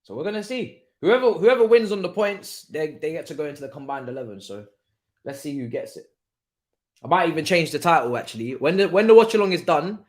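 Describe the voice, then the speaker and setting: A young man hosting a live football watchalong, talking in an excitable, slangy way, laughing often and swinging from loud outbursts to quiet asides. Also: medium pitch. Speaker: livestream watchalong host.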